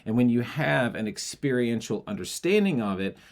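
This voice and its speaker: A man's voice: mid-range voice, lively intonation, normal speed. A male voice teacher explaining how breath affects the larynx, breaking into short sung and spoken demonstrations. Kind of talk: singing lesson.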